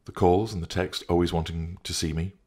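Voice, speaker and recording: A man's voice: low voice, fairly even intonation, brisk, darkish tone, husky. A man voicing an irritated, overwhelmed young mother who pushes her lover away, in an audiobook reading. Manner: curt, exasperated, impatient.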